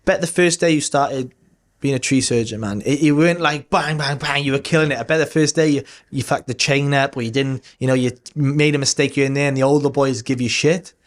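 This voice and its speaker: A man's voice: medium pitch, a little fast. Candid man telling a story. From Wales. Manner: rambling, candid, swears casually, many fillers. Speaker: podcast guest. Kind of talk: casual storytelling.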